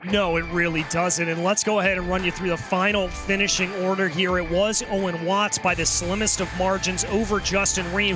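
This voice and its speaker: High-voiced man calling a race. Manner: rapid results rundown, interviewing drivers. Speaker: race commentator. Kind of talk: play-by-play sim racing commentary. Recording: music bed under the voice.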